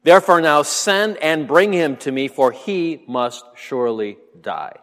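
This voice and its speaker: A man's voice: fairly high pitch, expressive, measured pace, fairly bright tone, pitched above the performer's own voice. A man voicing a furious older king who berates his grown son, repeating his insults with rising force, in a long hall reverb. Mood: angry scolding.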